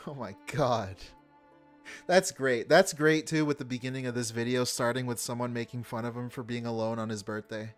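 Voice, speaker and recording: A man's voice: mid-range voice, normal speed, soft background music. A man hosting a stream who reacts to a video with sarcastic, incredulous commentary and frequent laughs.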